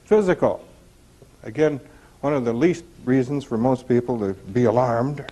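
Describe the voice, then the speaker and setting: A man's voice: medium pitch, moderate pace, warm tone, low-quality recording. A middle-aged man speaking to a group about recovery, talking conversationally and asking rhetorical questions. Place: retreat center meeting room.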